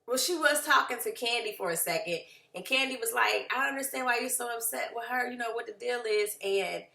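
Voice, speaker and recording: A woman casually recapping a reality show, acting out what the cast said in lively voices. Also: a little high, a little fast, gravelly, echoey room. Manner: animated, acts out quotes of the cast.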